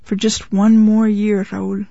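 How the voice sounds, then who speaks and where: A blunt, cool-headed wife with a flat, impatient way of talking, as a woman reading the story gives her voice. The audio is a little dull and completely dry. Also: medium pitch, takes it slowly, gravelly, no echo.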